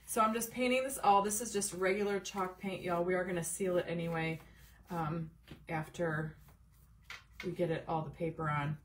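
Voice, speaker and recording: A woman's voice: lowish voice, fairly even intonation, moderate pace. A middle-aged woman hosting a casual crafting livestream. She chats along, greets viewers by name and drifts into rambling asides. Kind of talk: casual live crafting chat. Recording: slightly distant mic with faint room noise.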